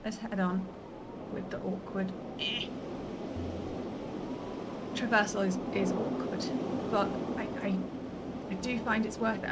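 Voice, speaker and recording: A woman's voice: mid-range voice, fairly even intonation, a little slow, long pauses, heavy background noise. A woman streaming a game, chatting casually in a rambling, self-deprecating way. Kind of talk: casual gameplay commentary.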